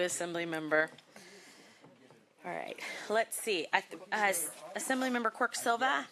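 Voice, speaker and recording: A woman chairing a legislative committee hearing, moving through testimony and motions in a brisk, procedural way with a light joking touch. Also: medium pitch, fairly bright tone.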